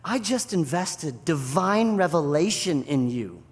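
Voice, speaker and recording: A pastor voicing a patient grown man teacher who answers with gentle, incredulous reassurance. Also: a little high, lively intonation, unhurried, slightly rough, big-room sound.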